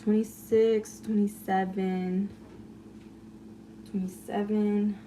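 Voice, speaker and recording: A woman's voice: medium pitch, flat delivery, slow, dark tone, far from the mic, a little hiss or hum. A woman chatting casually on a phone livestream, rambling through a story full of "like" and swearing while baking in her kitchen. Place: home kitchen, baking cookies.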